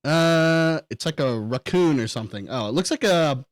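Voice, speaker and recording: Podcast host, man, lively voice, loud laughs and cursing, dry close sound. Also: fairly high pitch, normal speed, no room sound, rough recording. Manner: excitable, swears a lot, laughs often. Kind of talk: casual chat.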